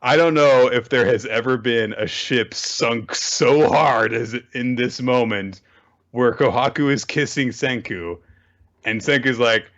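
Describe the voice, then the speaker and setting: A man with a medium-pitched, slightly bright voice hosts a casual manga recap show at a measured pace. He talks animatedly, with bursts of swearing and voiced character lines, over lo-fi sound.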